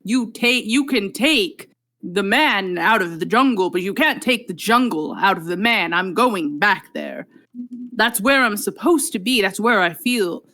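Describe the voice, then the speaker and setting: A woman's voice: medium pitch, lively intonation, measured pace, pushed and bright. A woman voicing an earnest, blustering male adventurer in a tabletop game, who stammers and stumbles over his apologies. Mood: indignant. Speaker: player. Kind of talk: tabletop role-play.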